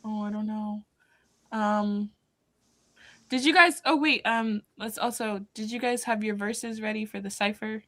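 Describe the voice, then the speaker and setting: A woman co-hosting a live charity stream in casual chat, giggly and excitable, talking over a video call. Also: mid-range voice, dry recording. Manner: giggly, excitable, quick bursts of laughter. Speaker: stream co-host.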